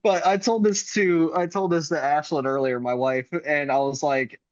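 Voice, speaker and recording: A man's voice: a little high, steady tone, normal speed, no echo. Playful man on a dull, dry mic. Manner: laughs easily, playful, enthusiastic agreement. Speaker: podcast co-host. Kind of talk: casual chat.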